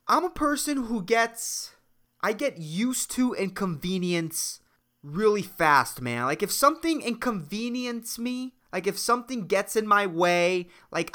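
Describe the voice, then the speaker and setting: With a high, sharp-toned voice, a solo comedy podcaster from Puerto Rico rambles and curses. He alternates between fired-up rants and quiet, mumbled side comments.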